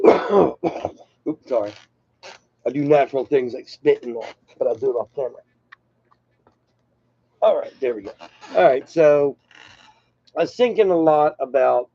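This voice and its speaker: An older man hosting his own channel delivers a casual, unscripted monologue that's loose, rambling, and self-deprecating. His mid-range voice sounds warm, on a dry, dull lo-fi recording.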